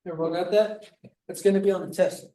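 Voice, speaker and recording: A man's voice: high voice, steady tone, fast, warm tone, far from the mic. A man teaching a class at the board, easygoing and joking with students. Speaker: language instructor. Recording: roomy classroom sound from off-mic.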